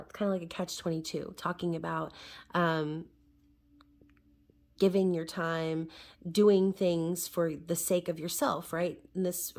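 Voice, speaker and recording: A hoarse woman, still recovering her voice, chatting through a casual tarot reading with wry asides. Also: fairly low pitch. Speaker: tarot reader.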